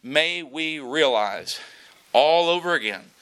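Bright-voiced preacher. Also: male voice, fairly high pitch, lively intonation, slow pace. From South Mississippi, US. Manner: earnest, repetitive, building to loud emphasis. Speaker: pastor. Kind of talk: sermon.

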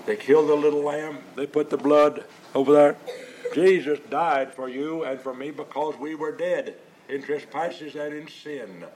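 Slow, emphatic male preacher. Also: a little high, steady tone, darkish tone, slight background noise, poor audio. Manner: halting restarts and drawn-out stresses. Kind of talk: sermon.

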